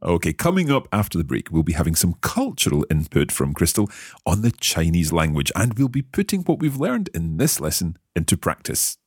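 Male podcast host, low husky voice, lively curious questions, dry studio sound. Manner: curious, repeats phrases slowly to practise. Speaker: language lesson host and learner. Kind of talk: podcast language lesson.

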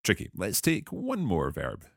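A man hosting a language-learning podcast, explaining grammar in a clear, measured teaching manner. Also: deep voice, huge pitch swings, no room sound, clean studio sound.

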